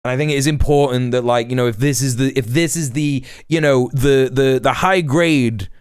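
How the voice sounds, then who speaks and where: Young british guy ranting on stream, sweary and mocking, smooth clear voice, dead dry sound. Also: medium pitch, moderate pace, no echo. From Britain. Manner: mocking, exasperated, swears a lot. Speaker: streamer reacting to a clip. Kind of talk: casual reaction stream.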